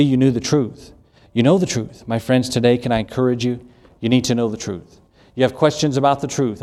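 A man's voice: mid-range voice, darkish tone. Earnest man preaching an evening sermon. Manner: earnest, repetitive preaching with Scripture quotes and folksy asides. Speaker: pastor.

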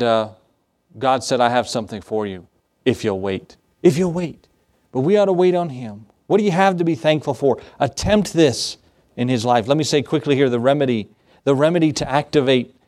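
A man's voice: on the high side, darkish tone. A male pastor delivering a sermon in a slightly raised voice. He quotes scripture, repeats his key lines for emphasis and drops in casual asides and questions to the congregation. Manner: conversational asides and rhetorical questions.

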